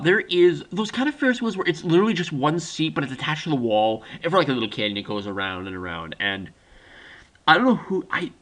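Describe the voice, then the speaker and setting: A man in his twenties telling stories in a casual vlog monologue, rambling and halting as he talks. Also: mid-range voice, fairly bright tone. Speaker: vlogger.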